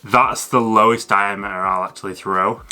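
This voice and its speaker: Bright-voiced man explaining fishing gear. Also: fairly low pitch, fairly even intonation, normal speed, faint music behind. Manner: chatty, loose with fillers and restarts. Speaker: fishing channel host. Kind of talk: casual educational talk to camera.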